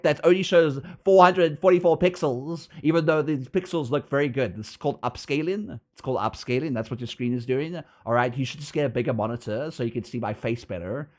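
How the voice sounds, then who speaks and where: A man streaming a game and chatting with his viewers, teasing them and laughing often. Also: on the high side. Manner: playful, teasing, laughs often, jumps between loud and mumbled; reads chat aloud and answers viewers. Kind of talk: casual livestream chat.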